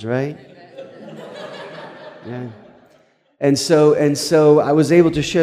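Pastor guy telling a story in church, kinda high voice, trips over his words, lots of echo. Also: moderate pace, dark tone. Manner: earnest, stumbling restarts, acts out dialogue. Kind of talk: sermon storytelling.

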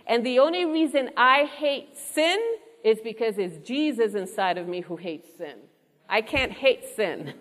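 A woman preaching an interactive sermon, asking her listeners questions and repeating their answers back to them. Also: mid-range voice. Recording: long reverb of a large hall.

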